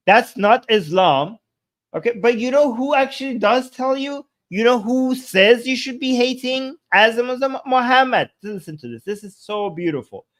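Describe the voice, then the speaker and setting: High-voiced man ranting in disbelief. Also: fairly bright tone. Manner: incredulous, exasperated ranting; talks fast with many restarts. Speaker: live stream commentator. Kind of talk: reaction commentary on video clips.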